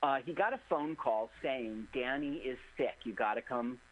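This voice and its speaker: A man's voice: medium pitch, normal speed, rough recording. A man casually retelling a film's scenes in a radio studio chat, quoting the characters as he goes. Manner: lively, retells scenes with quoted lines. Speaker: co-host riffing on a film. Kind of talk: casual movie riffing chat. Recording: faint hiss, community radio studio.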